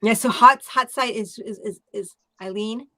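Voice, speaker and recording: A woman's voice: fairly high pitch, normal speed, pushed and bright, dry recording. A woman with a Long Island New York accent hosting a casual late-night chat, rambling and laughing often. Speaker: live chat host.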